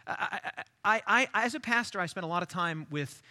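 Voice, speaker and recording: A male pastor preaching a sermon, stressing his points by repeating key phrases and stumbling over quick restarts when he speaks off the cuff. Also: sits high, animated, pushed and bright.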